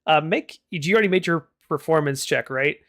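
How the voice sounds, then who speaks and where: A man's voice: on the high side, fairly quick, a bit bright. A man narrating as game master of a tabletop game, describing scenes with occasional fillers.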